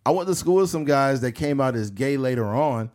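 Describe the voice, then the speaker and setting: A man co-hosting a casual podcast, telling stories in an animated way, acting out quoted voices and laughing often. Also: medium pitch, fairly quick. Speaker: podcast co-host.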